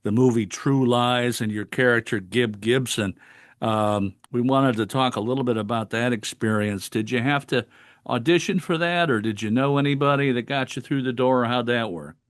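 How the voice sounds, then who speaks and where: A man hosting a podcast, asking a guest questions in a relaxed, halting way. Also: mid-range voice, no room sound, studio quality. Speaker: podcast host. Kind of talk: interview questions.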